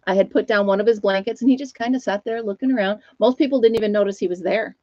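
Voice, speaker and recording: A woman's voice: mid-range voice, fast talker, darkish tone, no room sound. Chatty woman on a dull home stream. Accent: Upstate New York. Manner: chatty, laughs often, talks to her dog and viewers. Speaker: livestream host. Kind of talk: casual live chat.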